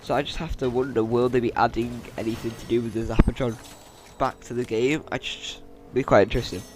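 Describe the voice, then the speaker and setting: A man's voice: mid-range voice, brisk, noisy background. Chatty man recapping game leaks. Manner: chatty, jokey asides, self-described monotone delivery. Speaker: gaming YouTuber. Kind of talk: casual game-news commentary over gameplay.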